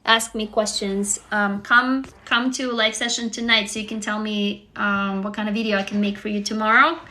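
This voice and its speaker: A woman's voice: mid-range voice, level tone, normal speed, sharp tone. A woman in her forties from Russia with a Russian accent, chatting candidly and encouragingly to viewers on a live stream, swearing freely. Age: 40s. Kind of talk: casual live stream chat.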